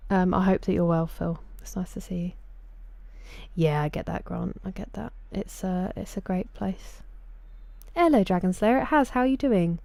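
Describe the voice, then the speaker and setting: Low, mellow Sussex woman streaming. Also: moderate pace, creaky, no room sound. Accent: Sussex English. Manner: chatty, greets viewers by name. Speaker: game streamer. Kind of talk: casual live-stream chat.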